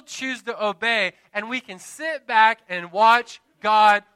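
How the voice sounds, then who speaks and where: Pastor, man, 30s; passionate sermon delivery with call-and-response asides, tense, sharp tone, close and dry. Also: sits high, clean tone, dry recording. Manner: impassioned preaching with dramatic pauses and call-and-response asides. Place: church.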